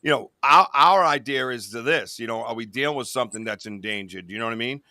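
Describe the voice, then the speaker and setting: A man's voice: mid-range voice, quick pace, bright, forceful tone, no room sound, clean studio sound. A man hosting a podcast in casual chat, rambling with lots of "you know what I mean.". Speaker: podcast host.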